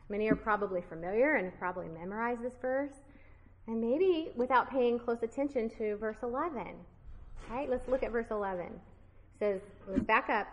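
A woman's voice: mid-range voice, normal speed, big-room sound, lo-fi sound. A woman teaching a Bible study group, earnest and emphatic, repeating key phrases and dropping casual, self-deprecating asides to her listeners.

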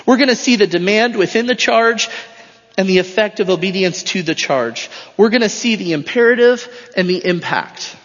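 A high-pitched male pastor delivers an emphatic sermon and drives his points home through repetition. His voice rings out with a long hall reverb, and the recording sounds dull and lo-fi. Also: expressive, moderate pace, a bit bright. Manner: emphatic, repeats phrases for stress. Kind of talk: expository sermon.

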